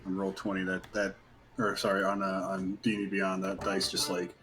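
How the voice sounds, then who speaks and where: Male player, low voice, clear background noise, blunt jokey manner. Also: completely flat delivery, moderate pace. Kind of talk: casual tabletop play over voice chat.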